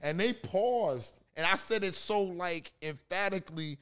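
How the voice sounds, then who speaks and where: A man with a New York accent from Queens, cursing freely and telling animated stories in a heated podcast debate. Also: sits high, unhurried, clear, resonant tone. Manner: profane, animated storytelling. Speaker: podcast co-host.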